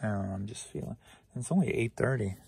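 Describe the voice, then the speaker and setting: Tired man, husky, self-mocking, rambling casual vlog. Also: fairly low pitch, fast talker, darkish tone, no room sound. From St. Louis, Missouri. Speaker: reseller vlogger.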